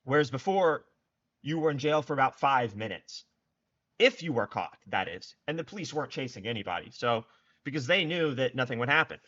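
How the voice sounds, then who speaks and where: A man's voice: medium pitch, sing-song, a little fast, a bit bright. A young man giving scornful, sarcastic political commentary. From United States. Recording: dull lo-fi recording.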